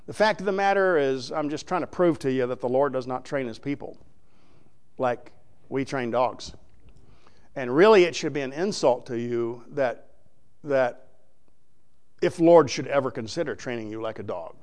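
A middle-aged man preaching a folksy, emphatic sermon to his congregation, sometimes rising into loud, high exhortation. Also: normal speed, long pauses.

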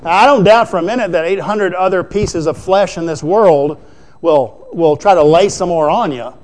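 A man with a high voice preaches in a homespun, conversational way. He keeps asking the congregation rhetorical questions and talks to them as if they were neighbours. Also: normal speed, a little mellow. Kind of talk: sermon.

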